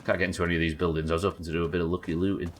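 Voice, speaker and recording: A man's voice: low-pitched, flat delivery, very fast. A man streaming a game live, chatting with viewers in a wry, sweary, bantering way. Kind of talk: live gameplay commentary.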